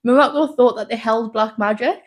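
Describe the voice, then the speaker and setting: A woman's voice: on the high side, a little fast. A woman co-hosting a podcast, chatting casually and laughing often as she stumbles through her own loose script. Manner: giggly, rambling, often laughing mid-sentence. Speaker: podcast co-host.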